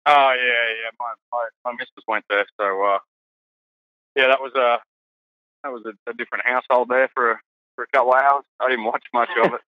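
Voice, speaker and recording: A man with an Australian accent, a guest golf pro in casual podcast chat, halting and repeating words. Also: mid-range voice, fairly even intonation, no echo, narrow, tinny audio.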